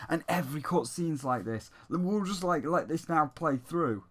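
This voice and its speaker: A man's voice: a little high, expressive, normal speed, few pauses. A man ranting sarcastically and profanely in a game review.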